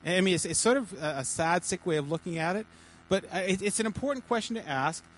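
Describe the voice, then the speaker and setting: A man's voice: high-pitched, lively intonation, fast talker, fairly bright tone, rough recording. A man leading informal teaching for a small church group, his slightly light voice stumbling through restarts and repeated words. He keeps it chatty with jokey asides. A faint hum sits in the background.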